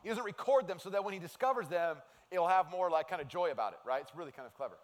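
Guy preaching, high voice, lively and chatty, long echo from a big hall. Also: fast. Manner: animated, conversational preaching. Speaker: pastor. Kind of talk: sermon.

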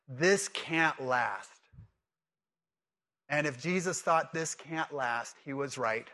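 A man's voice: on the high side, pushed and bright. A man preaching a sermon, conversational and emphatic, asking the congregation questions and repeating key words. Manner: emphatic repetition. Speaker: pastor.

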